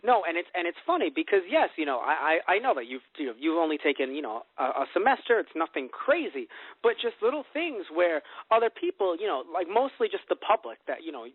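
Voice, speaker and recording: A man hosting a casual podcast chat, rambling and animated with lots of fillers. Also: high voice, brisk, slightly rough, no room sound. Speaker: podcast host. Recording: tinny phone-like dry sound.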